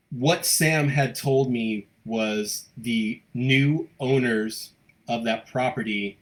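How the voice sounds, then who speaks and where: Halting, low-voiced man hosting a local show. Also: fairly bright tone. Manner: halting, many fillers and restarts. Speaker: host of a local news livestream. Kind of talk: casual live chat reading viewer comments.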